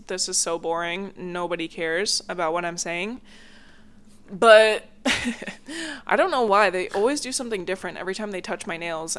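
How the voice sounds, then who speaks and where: A woman's voice: lowish voice, a bit bright, clean tone. A young woman talking casually on her own podcast at home, rambling from thought to thought and full of filler words. Her voice sounds a little stuffy. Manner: chatty, rambling, lots of "like" fillers. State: a bit congested. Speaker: podcast host. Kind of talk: casual solo chat. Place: home, near a hallway.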